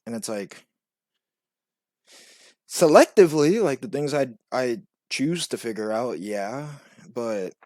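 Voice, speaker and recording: A young man telling a rambling personal story, full of "like" and "you know", now and then acting out quoted voices much higher. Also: lively intonation, slow pace, long pauses, darkish tone, dry recording, studio quality. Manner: rambling, filler-heavy with frequent "like" and "you know". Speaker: vlogger. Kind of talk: casual storytelling monologue.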